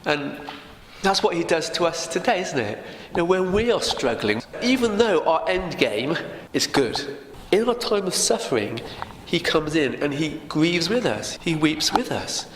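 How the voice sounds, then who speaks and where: A man with a slightly high, very animated voice teaches a Bible passage as a story at a measured pace, often turning to listeners with tag questions. The echoey room gives a long reverb and faint noise.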